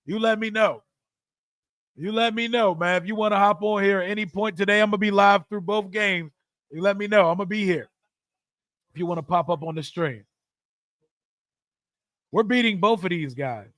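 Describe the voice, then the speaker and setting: Young male streamer, high voice, dry close mic, hyped live game reactions with loud outbursts and mumbled asides. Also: normal speed, long pauses, no room sound. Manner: hyped, talkative, loud swings between shouting and mumbling. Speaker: streamer hosting a live watch party. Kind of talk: live sports reaction stream, reading chat.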